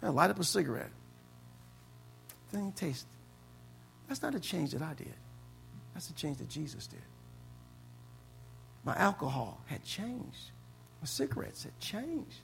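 A man from the States preaching a sermon as pastor, swinging between loud exclamations and low, quiet stretches. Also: sing-song, measured pace, vocal fry, pauses often, faint music behind. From United States.

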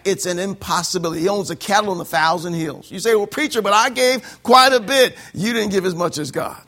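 A man preaching a sermon, acting out quoted voices and swinging from soft, quick asides to shouted lines. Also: sits high. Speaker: pastor.

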